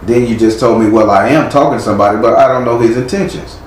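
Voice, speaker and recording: A man's voice: mid-range voice, quick pace. A man giving a live tarot reading, blunt and chiding with casual slang. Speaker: tarot reader. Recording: echoey room with faint noise.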